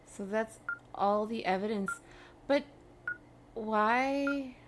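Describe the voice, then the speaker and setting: A woman's voice: a little high, drawn-out words, noisy background. A young woman hosting a let's play, chatting and reacting aloud as she plays through a game. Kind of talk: casual gameplay commentary.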